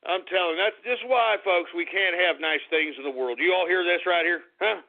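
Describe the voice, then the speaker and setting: Man, radio talk host, angry profane rant, gravelly voice, tinny phone-like sound. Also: sits high, fairly quick, few pauses. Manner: angry, profane, shouting at listeners. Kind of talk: ranting political talk radio.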